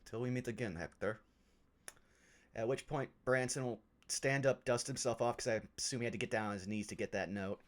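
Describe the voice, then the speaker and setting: Halting man narrating his character's moves. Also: medium pitch, flat delivery. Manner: halting, self-correcting, sheepish. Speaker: player. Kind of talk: tabletop role-play narration.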